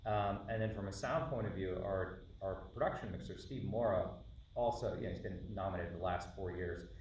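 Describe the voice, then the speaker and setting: A man speaking as a film director at a Q&A, explaining in a quick way with restarts. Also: deep voice, darkish tone, a little hiss or hum. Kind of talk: Q&A talk. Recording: echoey hall from far off.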